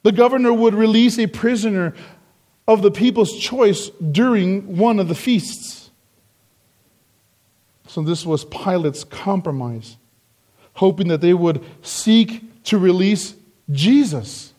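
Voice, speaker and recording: A pastor with a fairly high, warm voice preaches an expository, verse-by-verse sermon. He speaks slowly and deliberately, leaning into emphatic lines when he quotes the crowd.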